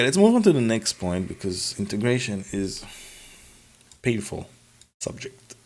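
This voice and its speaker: A vlogger with a medium-pitched voice talks casually to camera, sarcastic and animated, mimicking officials' replies in mock voices.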